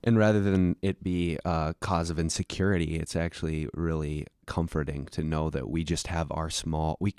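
Male podcast host, deep and smooth, dry close mic. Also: a little mellow, no room sound. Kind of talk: hosting a faith podcast.

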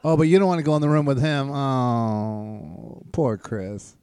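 A man's voice: medium pitch, fairly even intonation, darkish tone, clear, resonant tone, no echo, studio quality. A man hosting a podcast, giving casual, jokey, profane commentary while watching a movie. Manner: jokey, profane, quick with laughs. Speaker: podcast host.

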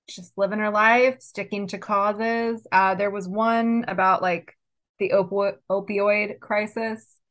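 A woman co-hosting a book podcast, summarizing in a relaxed way with hesitant fillers. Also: mid-range voice. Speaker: podcast co-host. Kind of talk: casual book club chat.

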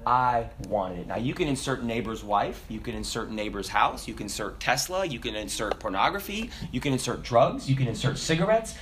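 A man preaching a sermon, telling stories with laughter in an animated, lively way. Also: on the high side, fairly quick, slight background noise. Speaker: pastor.

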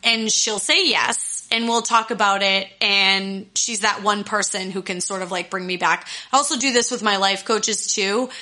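Woman, young adult, life coach, casual chat, candid, fired-up, swears, bright voice. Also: medium pitch, steady tone, moderate pace, hardly any pauses. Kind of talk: casual solo talk to listeners.

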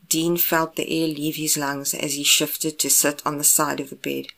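Woman narrating a romance story, low voice, steady unhurried reading. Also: gravelly. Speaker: audiobook narrator. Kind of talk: scripted narration of romance fan fiction.

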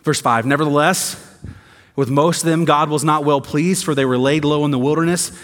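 A man from the American South, preaching a sermon that swings between quiet emphasis and rising intensity, with sarcastic asides. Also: a little high, fairly even intonation, fairly quick. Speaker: pastor. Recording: long hall reverb.

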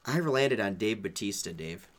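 A man talking casually about movie casting, easygoing and quick to laugh. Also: fairly low pitch, animated, crowd noise. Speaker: podcast co-host.

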